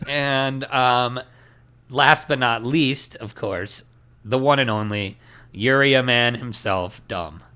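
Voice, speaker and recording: A male podcast co-host chatting casually and joking his way through an awards segment. He talks slowly and laid-back. His voice has a bright, forward tone. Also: medium pitch. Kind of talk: casual chat.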